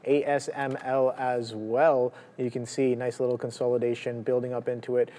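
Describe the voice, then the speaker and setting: A man's voice: medium pitch, level tone, moderate pace, warm tone. A man co-hosting a live trading show, listing upcoming earnings names with lots of fillers. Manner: rambling, lists tickers with many fillers. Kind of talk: live market commentary.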